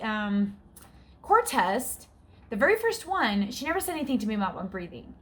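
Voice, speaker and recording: A medium-pitched, somewhat bright voice belongs to a woman in her forties who chats casually and bluntly in her vlog, occasionally exasperated. Her breathing is frequently heard, and a faint hiss or hum is present.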